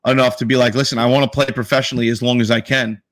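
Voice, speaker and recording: On a sports podcast, this co-host from the New York area talks very fast in a level, medium-pitched voice with a slight brightness. His casual, animated chatter includes plenty of swearing.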